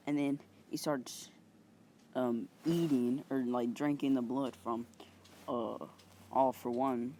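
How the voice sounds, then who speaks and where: A male channel host casually improvising a story, halting and rambling with many fillers and some mild swearing. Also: mid-range voice, fairly even intonation, dark tone, slight background noise.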